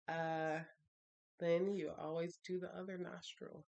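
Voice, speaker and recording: A woman vlogger calmly walking through her spiritual routine, speaking softly and reflectively and reciting affirmations. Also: low voice, a little slow, vocal fry. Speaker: vlogger sharing a ritual. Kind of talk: casual spoken walkthrough of a spiritual routine.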